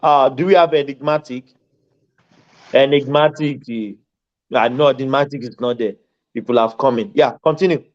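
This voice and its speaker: A man's voice: medium pitch, moderate pace, highs cut off. A man co-hosting a political call show, emphatic and repetitive, with a teasing edge. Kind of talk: heated political panel discussion.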